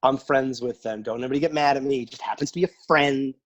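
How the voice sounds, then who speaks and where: A man from New York City with a New York accent, a guest in a casual video interview, friendly and self-deprecating with quick asides. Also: medium pitch, fairly even intonation, dull audio, a little hiss or hum.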